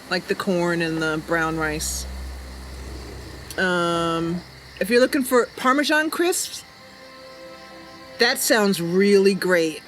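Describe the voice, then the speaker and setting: A woman chatting casually on a gameplay livestream, rambling with lots of fillers and answering chat messages. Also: medium pitch. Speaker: streamer.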